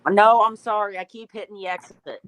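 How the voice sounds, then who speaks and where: A man's voice: high voice, fairly even intonation, brisk, pushed and bright, slight background noise. A man joining a live stream as a guest, joking brashly and swearing. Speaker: regular viewer and guest. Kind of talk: casual live-stream chat.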